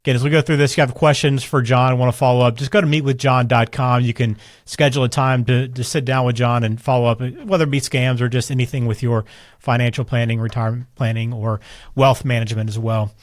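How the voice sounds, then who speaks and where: A man's voice: medium pitch, fairly even intonation, dry recording, studio quality. A man co-hosting a podcast, chatting casually and loosely and steering the talk between topics. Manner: quick, chatty, loose with fillers. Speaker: podcast co-host. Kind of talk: casual conversational chat.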